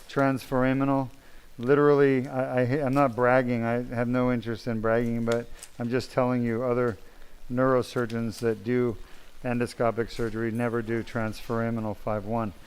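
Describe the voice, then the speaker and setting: A man's voice: medium pitch, darkish tone, clean tone. A man working as a spine surgeon who narrates a live-streamed operation, talking casually to viewers and his team while he works. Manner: chatty, self-deprecating, talks to viewers while working. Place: operating room.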